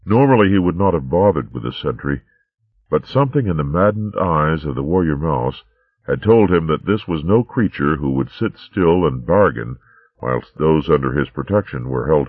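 Deep guy reading a story, calm and steady, dead dry tinny audio. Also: no echo. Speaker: audiobook narrator. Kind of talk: scripted narration. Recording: tinny narrow-band recording.

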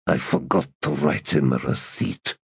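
Man doing a strained wry assassin, slow and gravelly, a bit higher than the narrator. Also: no room sound, clean studio sound, exaggerated voice. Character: gasping cornered male master assassin, wry and defiant. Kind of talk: audiobook narration.

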